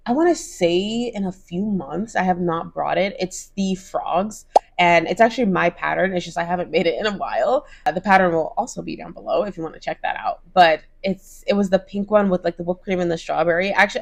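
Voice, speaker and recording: A young crochet vlogger chats casually to camera, gushing and saying "like" and "oh my gosh" a lot, and she puts on bright voices when quoting others. Her voice is lowish and creaky.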